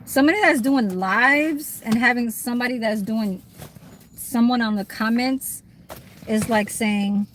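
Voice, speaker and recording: A woman's voice: fairly high pitch, measured pace, a bit bright, slight background noise, poor audio. A woman chatting on a livestream in a rambling, swearing way, with many fillers and restarts. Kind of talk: casual livestream chat.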